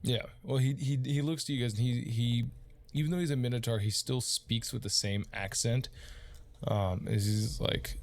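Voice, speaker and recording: A man's voice: medium pitch, steady tone, moderate pace, darkish tone. A man narrating a tabletop game as game master, casual and rambling with lots of fillers.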